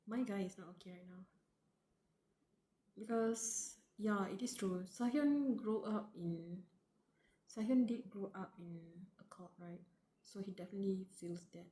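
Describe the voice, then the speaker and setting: Her voice now sounds dark, medium-pitched and a little slow as she streams her novel reading live. Rambling, filler-heavy emotional reactions continue, captured in a roomy space with faint noise behind her.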